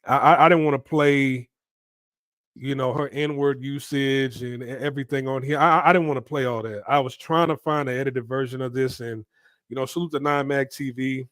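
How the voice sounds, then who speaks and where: A man's voice: medium pitch, fairly even intonation, moderate pace, fairly bright tone, no echo. A man hosting casual reaction commentary, lecturing with stammered restarts and rhetorical questions.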